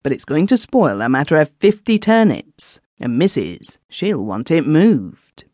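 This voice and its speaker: A woman's voice: sits low, very animated, a little slow, mellow, dry recording, clean studio sound, heavily acted. A woman voicing a worried village landlord who talks in homely country speech. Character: worried rustic village landlord, plain-spoken man.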